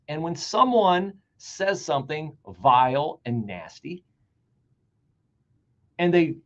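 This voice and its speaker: A man hosting a political talk show, delivering an animated, sarcastic and emphatic monologue. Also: on the high side. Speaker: radio talk show host. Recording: dull lo-fi sound.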